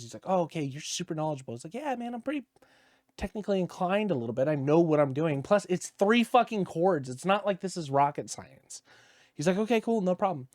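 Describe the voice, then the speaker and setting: A man co-hosting a gaming podcast, telling a story in an animated, profane rant. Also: fairly high pitch, dry recording, studio quality. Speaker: podcast co-host. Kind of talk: casual podcast chat.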